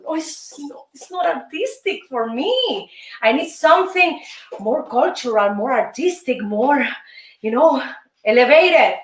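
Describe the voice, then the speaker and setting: A woman's voice: high voice, a bit bright. A woman from Cuba with a Cuban Spanish accent, hosting and teaching salsa steps, counting beats aloud in an upbeat, coaxing way. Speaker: host and dance teacher. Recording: roomy sound from a distant mic with music playing.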